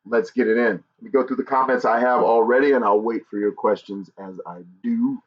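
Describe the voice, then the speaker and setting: A man's voice: medium pitch, steady tone, a little fast. A man hosting a livestream, talking casually and candidly to his viewers, earnest with touches of humor. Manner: earnest, candid, jokes between somber moments. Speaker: YouTube livestream host. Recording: dull lo-fi stream audio.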